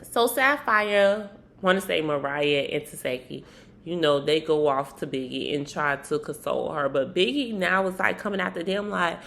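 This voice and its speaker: Gravelly woman giving a gossipy recap. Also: sits low, normal speed. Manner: animated, slangy, slips into acted quotes. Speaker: reality TV recap host.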